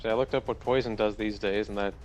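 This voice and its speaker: A man playing in a tabletop game, thinking aloud about his character's moves with halting restarts. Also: lowish voice, fairly even intonation, soft background music. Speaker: player. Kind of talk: casual table talk.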